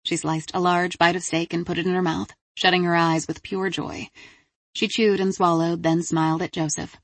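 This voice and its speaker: A woman narrating a crime thriller audiobook in an even, measured reading. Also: lowish voice, no room sound.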